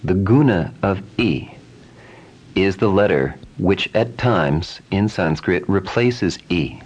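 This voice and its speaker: A man with a low, deep voice teaches pronunciation at an unhurried, measured pace. He speaks calmly and repeats each vowel sound several times as a drill. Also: slightly rough. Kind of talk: slow, deliberate pronunciation lesson.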